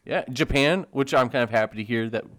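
A man's voice: medium pitch, fairly quick, a bit bright. A man co-hosting a podcast, telling rambling anecdotes and giggling in casual chat. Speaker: podcast co-host.

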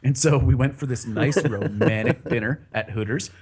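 A man's voice: mid-range voice, normal speed, darkish tone, slightly rough. A man casually telling a long personal story on a podcast, rambling, laughing often and swearing freely.

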